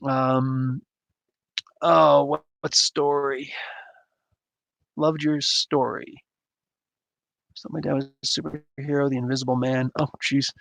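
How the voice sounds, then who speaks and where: A man's voice: medium pitch, flat delivery, slow, creaky, pauses often, fairly bright tone, no echo. A man hosting a casual livestream, rambling and chuckling as he reacts to chat comments. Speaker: livestream host reading chat.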